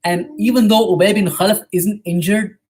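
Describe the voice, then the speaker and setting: A man giving a storytelling history lecture at a mosque, retelling events quickly and often checking in with "right?". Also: high-pitched, fairly even intonation, darkish tone, breathy edge.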